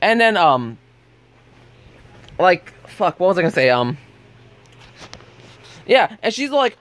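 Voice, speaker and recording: A man's voice: sits high, very animated, takes it slowly, long pauses, a bit bright. A young man telling a heated story in a casual vlog rant, blunt and swearing freely. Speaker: vlogger.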